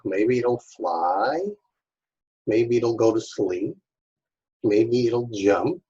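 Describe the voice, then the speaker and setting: A man's voice: medium pitch, dark tone, slightly rough, lo-fi sound. A man from Staten Island teaching an online children's craft lesson, patient and step by step, talking straight to the kids. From Staten Island, New York. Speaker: art teacher.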